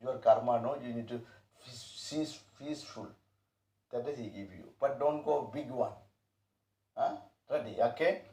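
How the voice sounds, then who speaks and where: Gravelly man teaching in broken English. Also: mid-range voice, moderate pace, long pauses, distant mic. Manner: broken English, repetitive, animated bursts. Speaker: spiritual teacher. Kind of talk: informal spiritual talk. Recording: echoey room, voice off-mic.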